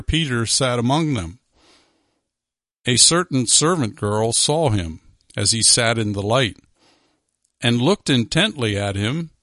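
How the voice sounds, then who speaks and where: A man's voice: medium pitch, fairly bright tone, no room sound. A man preaching a sermon, reading scripture and breaking into sarcastic, emphatic asides.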